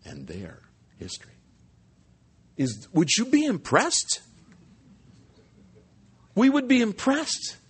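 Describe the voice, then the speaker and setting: A man preaching a sermon, telling a Bible story with animated asides, restarts and humor. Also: high-pitched, slow, pauses often, husky. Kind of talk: expository sermon.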